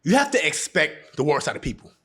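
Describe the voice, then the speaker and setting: A relationship vlogger with a fairly high, somewhat bright voice gives casual, blunt advice directly to camera at a quick pace. He's very animated, his pitch swinging widely, and he laughs often while repeating phrases for emphasis.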